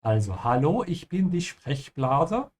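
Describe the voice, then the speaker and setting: A man's voice: a little high, very animated, unhurried, darkish tone, faint music behind. A man voicing a talking speech bubble. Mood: inviting. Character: talking speech bubble from a point-and-click game. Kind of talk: voicing game dialogue in a language lesson.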